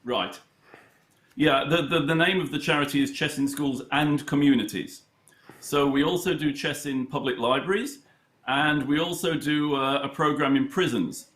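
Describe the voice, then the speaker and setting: A middle-aged man from the United Kingdom, a chess charity head, answering interview questions in a halting, storytelling way with many fillers. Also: a little high, fairly bright tone. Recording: roomy echo.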